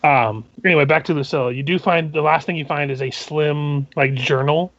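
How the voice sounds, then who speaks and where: A man serving as game master who narrates a tabletop game, describing scenes in a halting, methodical way. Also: on the high side, vocal fry, a bit bright, no echo, lo-fi sound.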